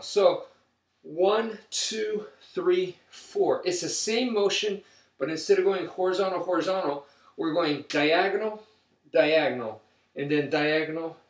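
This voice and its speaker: A man leads a stick-fighting drill and counts each strike aloud as he moves. His voice sits a little high and comes from well back of the camera. The room around him is roomy and echoing. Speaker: martial arts instructor. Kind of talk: instructional demonstration. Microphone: camera mic from a distance. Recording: roomy, distant camera audio.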